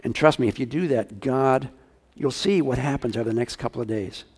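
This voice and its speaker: A man's voice: medium pitch, fairly quick, darkish tone, slightly rough. A male pastor preaching a sermon, talking casually and asking his congregation questions.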